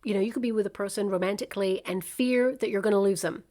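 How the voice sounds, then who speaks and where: A woman's voice: medium pitch, fast talker, warm tone. A woman giving a tarot reading to the viewer in a conversational, musing way, often saying "you know" and "like". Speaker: tarot reader.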